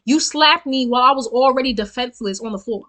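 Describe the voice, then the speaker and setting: A young woman, telling a storytime vlog in an animated, profane, emphatic way straight to her viewers. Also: sits high, quick pace. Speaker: storytelling vlogger. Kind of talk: casual storytime rant.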